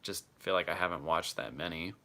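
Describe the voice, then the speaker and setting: A man's voice: low voice, brisk, vocal fry, pushed and bright. A man chatting casually on a live stream and answering his chat, laughing often and swearing freely.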